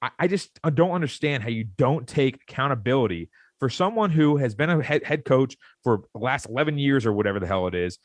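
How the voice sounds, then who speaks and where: A young man co-hosting a sports podcast. He rants in a heated, fired-up way at a mid pitch. His voice sounds close and dry, with no room echo. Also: lively intonation, brisk, few pauses. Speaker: podcast co-host. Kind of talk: casual sports podcast rant.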